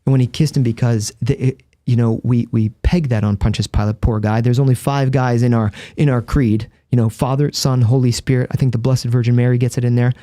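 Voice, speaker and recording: A man's voice: mid-range voice, steady tone, brisk, few pauses, mellow, no room sound. A man, a Catholic priest and guest, explaining in earnest, vivid storytelling with a close studio microphone. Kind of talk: conversational explanation.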